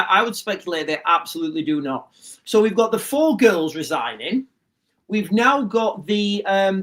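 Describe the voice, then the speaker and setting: A man in his forties talks straight to his livestream viewers, with a fairly high voice. He keeps circling back over his points and calls everyone guys. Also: fairly bright tone. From Rotherham, England. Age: 40s. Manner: repeats himself and addresses viewers as guys. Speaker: livestream host. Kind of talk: casual political commentary livestream.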